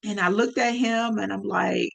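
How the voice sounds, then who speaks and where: A woman telling a personal story on her podcast, lively and speaking straight to her listeners. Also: mid-range voice, moderate pace, creaky. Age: adult.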